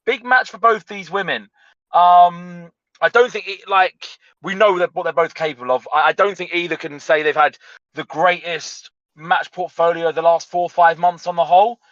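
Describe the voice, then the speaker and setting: A man co-hosting a casual wrestling podcast, quick and emphatic, stammering at the starts of sentences and swearing. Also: high voice, steady tone, fairly bright tone, no room sound, dull audio. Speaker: podcast co-host.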